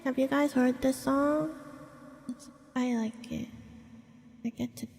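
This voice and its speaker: A woman's voice: sits high, steady tone, takes it slowly, gravelly, a little mellow, breathy edge. A woman from Hong Kong chatting casually with her live-stream chat, laughing often and reacting to viewers. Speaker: VTuber streamer.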